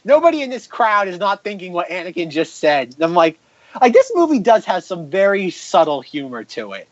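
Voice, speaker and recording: High animated podcast guy, rambly, dry dull mic sound. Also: a little fast, no room sound. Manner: rambling, filler-heavy storytelling. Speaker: podcast co-host. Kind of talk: casual film review chat.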